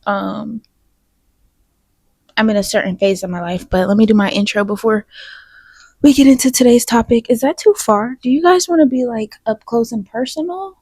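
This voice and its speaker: A young woman with hosting a podcast from her bed, sniffly from crying, talking candidly, rambling and swearing, trailing off into soft asides. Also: on the high side, moderate pace, breathy edge, no echo. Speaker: podcast host. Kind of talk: casual confessional vlog. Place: bedroom, in bed. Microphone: small mic plugged into a phone.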